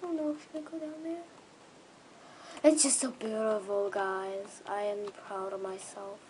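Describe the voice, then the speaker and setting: A young gaming creator commenting excitedly on their own play, with gushing, squealing bursts of excitement. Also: medium pitch, a little slow, a little hiss or hum, low-quality recording.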